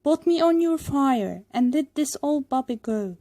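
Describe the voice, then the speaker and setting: An eager, brave puppet boy performed by a woman speaks in an earnest, pleading storybook voice. His lines climb high and are spoken slowly. The sound is mellow and dry. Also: no echo.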